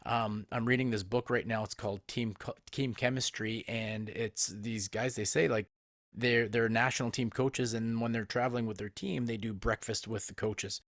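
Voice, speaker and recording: A man's voice: medium pitch, moderate pace, no room sound. Chatty man with a dry close sound. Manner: laughs easily, chatty and animated. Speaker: podcast co-host, assistant coach. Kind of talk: casual podcast conversation.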